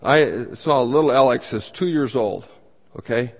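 A man preaching as a pastor, teaching a Bible study with emphatic bursts and questions that he puts to the room and then answers himself. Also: measured pace. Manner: emphatic, with sudden rises in pitch and loudness. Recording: dull sound with long hall reverb.

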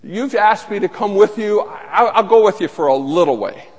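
A man's voice: high voice, unhurried, breathy edge, voice pushed up, heavily acted. A man voicing a weary, reluctant eighty-year-old man who pleads and backs away, in a reverberant hall. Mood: pleading. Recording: long reverb of a large hall.

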